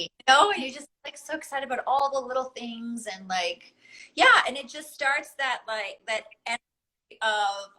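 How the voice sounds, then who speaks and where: A woman guest in a casual conversation, telling stories in an animated way and giggling often. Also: fairly high pitch, moderate pace, rough recording. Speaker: podcast guest.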